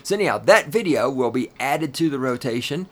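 A man hosting his own podcast in a solo rant, swearing heavily and talking in a loud, heated way. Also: expressive, a little fast. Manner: profane, ranting, heavy swearing; loud and heated, then lower and grumbling. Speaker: podcast host.

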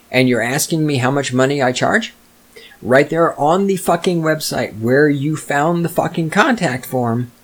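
A man rants alone into his podcast mic, swearing constantly and dripping with sarcasm. His voice sits at an ordinary middle pitch. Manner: profane, sarcastic, ranting. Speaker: podcast host. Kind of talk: solo rant monologue.

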